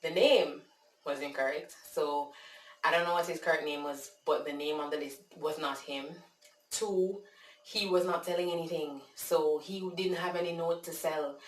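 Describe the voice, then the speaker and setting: Low-voiced Jamaican woman telling a story. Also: normal speed, a little hiss or hum. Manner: animated, talks with frequent fillers. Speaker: vlogger. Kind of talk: casual storytelling. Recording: echoey room, distant mic.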